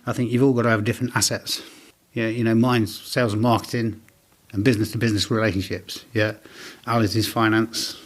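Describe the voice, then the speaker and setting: A man in his forties telling animated business anecdotes in a casual interview, acting out the dialogue he quotes. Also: fairly low pitch, fairly quick, hardly any pauses. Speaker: business owner guest.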